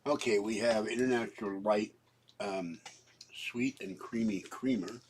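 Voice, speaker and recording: A man's voice: fairly low pitch, measured pace, a little hiss or hum, poor audio. An older man with a cough, chatting casually and rambling through his shopping haul at home, with fillers and frequent coughing fits.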